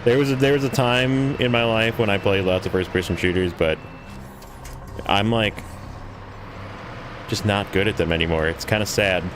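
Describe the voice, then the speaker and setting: A man's voice: fairly low pitch, normal speed, pauses often, background noise. A man hosting a gaming livestream, chatting casually with viewers in a rambling, self-deprecating way while he plays.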